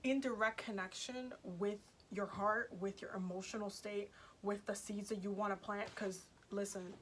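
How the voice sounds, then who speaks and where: A woman with a mid-range, slightly bright voice reads tarot for her viewers in a casual, talkative way. She gets emphatic, says things more than once, and leans on fillers, and a little background noise can be heard.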